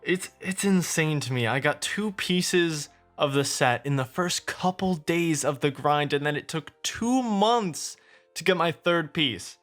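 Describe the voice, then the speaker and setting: A young man giving chatty, excitable gameplay commentary to his viewers as a video creator. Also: on the high side, measured pace, soft background music.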